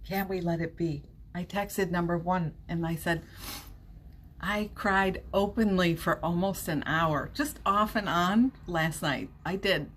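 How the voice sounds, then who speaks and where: A woman's voice: fairly low pitch, measured pace, a bit bright, slight background noise. A woman hosting a casual live stream, chatty, laughing often and reassuring her viewers, with a runny nose. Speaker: livestream host.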